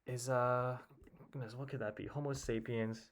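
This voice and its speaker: Speaking at normal speed in a medium-pitched, fairly even voice, a young puzzle solver works a crossword by himself. His casual solo commentary consists of thinking aloud and muttering guesses and half-words.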